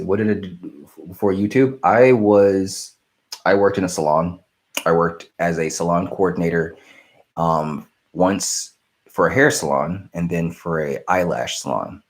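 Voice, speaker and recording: A young man hosting a casual live stream, rambling and apologetic as he answers viewer questions. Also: low-pitched. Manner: rambling, self-interrupting, apologetic.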